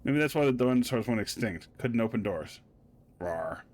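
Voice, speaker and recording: A man's voice: medium pitch, animated, brisk, darkish tone. A man casually playing a video game on stream, reading the game text aloud with playful asides. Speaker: let's play host. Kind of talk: casual gameplay commentary.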